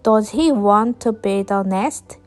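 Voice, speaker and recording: A woman voicing a friendly little female bird in a children's storybook, in a bright, eager way. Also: mid-range voice, slow pace, soft background music, close to an everyday voice.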